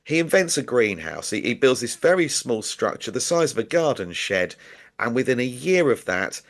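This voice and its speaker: A man's voice: mid-range voice, sing-song, normal speed. A man, a guest author in an interview, explaining his ideas casually with hesitant repeated words.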